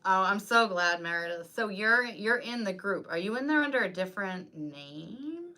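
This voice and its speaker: A woman's voice: mid-range voice, animated, normal speed, bright, forceful tone. A woman who designs wreaths and coaches others, rambling in casual live-stream chat and filling her talk with "like.". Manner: rambling and chatty, full of "like".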